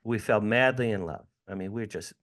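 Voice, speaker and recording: Animated storytelling man in his sixties. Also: fairly low pitch, moderate pace. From United States. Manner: animated storyteller, acts out dialogue, laughs often. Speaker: interview guest. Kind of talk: storytelling in an interview.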